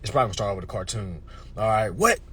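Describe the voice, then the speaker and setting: A man delivering a casual, preachy rant to his viewers, swearing freely, tagging his points with "all right?" and swinging between murmurs and shouts. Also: lowish voice, animated, rapid-fire, breathy edge, dry recording. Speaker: social media commentator. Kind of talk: casual ranting monologue.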